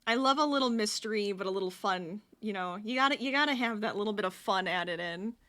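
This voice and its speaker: A woman's voice: medium pitch, fast talker, pushed and bright. A woman streaming live while she crochets, chatting and laughing with her viewers and counting stitches under her breath.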